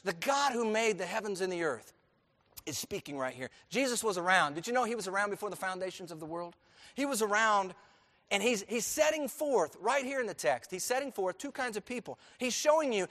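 A man with a high voice preaching to his congregation. He swings between soft, low passages and loud, driving emphasis, and throws questions out for the people to answer. His voice carries a long reverb through the church. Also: expressive, fairly quick. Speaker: pastor. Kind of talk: sermon. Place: church sanctuary.

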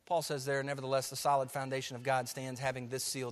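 A man preaching a sermon to his church, emphatic, swinging from soft to loud. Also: medium pitch, level tone, fast, in a large hall. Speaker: pastor. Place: church sanctuary.

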